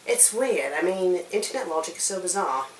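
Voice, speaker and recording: A woman's voice: fairly low pitch, expressive, brisk. Echoey distant young woman, rambling. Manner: rambling, conspiratorial, snaps in exasperation. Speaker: co-host of a fanfic review show. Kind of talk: casual chat. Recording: echoey room, distant mic, faint hiss.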